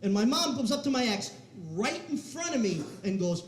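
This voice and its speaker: A man's voice: very high voice, very animated, normal speed, slight background noise. A man doing a stand-up comedy set on a club stage, with a brash, profane, punchy delivery. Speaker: stand-up comic. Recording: echoey club room.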